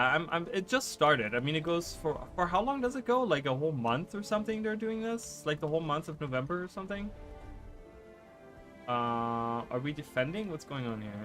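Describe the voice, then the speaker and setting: A man streaming live gameplay who chats fast and rambles, often restarting his sentences. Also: on the high side, big pitch swings, a bit bright, faint music behind. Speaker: gaming streamer.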